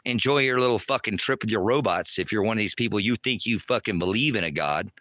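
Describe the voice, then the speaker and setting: Man, angry livestream rant, bright forceful voice, dry close sound, outdoors, taunting. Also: on the low side, fast, no echo. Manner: furious, profane, taunting, often shouting. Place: outdoors at a rural homestead.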